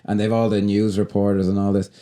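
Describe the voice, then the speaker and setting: A man's voice: lowish voice, completely flat delivery, quick pace, dark tone. A man co-hosting a podcast, chatting casually about a film in a blunt, sweary, scornful way. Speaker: podcast co-host. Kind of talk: casual film-review chat.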